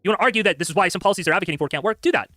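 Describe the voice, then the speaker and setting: A man live-streaming casual commentary, talking rapidly with lots of filler words, tired from a long stream. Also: high-pitched, crowd noise. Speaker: streamer reacting to clips.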